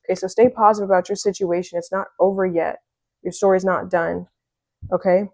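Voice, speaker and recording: A woman giving a casual, excitable tarot reading, chatty and full of fillers. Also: lowish voice, brisk, dry recording. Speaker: tarot reader.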